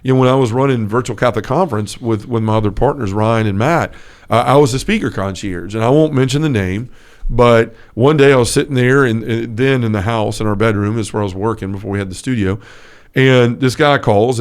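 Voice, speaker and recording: A man's voice: mid-range voice, fast, clear, resonant tone. A man co-hosting a casual faith podcast, telling stories earnestly with lots of fillers. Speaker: podcast co-host.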